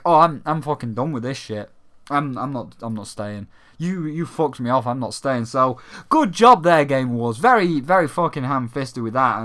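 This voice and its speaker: British young guy ranting on games, bright tense delivery, crisp clean tone, swears often and mocks others. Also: high-pitched. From Britain. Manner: sweary, animated, mocking voices. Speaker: gaming channel host. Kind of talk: casual ranting commentary.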